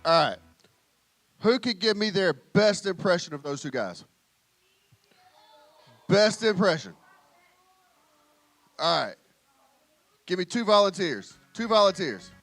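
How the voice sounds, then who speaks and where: A man leading a children's church session in a large indoor room, calling out to the kids loudly and with energy on a handheld microphone. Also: high-pitched, very animated, slow pace, long pauses, dry recording, faint music behind. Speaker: children's ministry leader.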